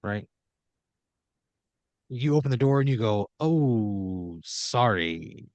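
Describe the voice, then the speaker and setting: A man's voice: mid-range voice, a little slow, dark tone, no room sound, lo-fi sound. A man hosting a comedy podcast, improvising a story in the second person, with lots of fillers, and sometimes dropping into quoted voices. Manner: rambling, many fillers, jumps into quoted voices.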